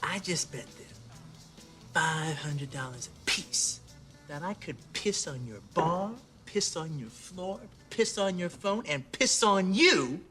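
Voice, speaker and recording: A man's voice: a little high, animated, takes it slowly, bright, forceful tone, exaggerated voice. An actor playing a man in a bar who tells a long crude joke, swearing and laughing at his own punchline. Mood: boisterous. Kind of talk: film dialogue. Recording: film audio clip with music behind. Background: music.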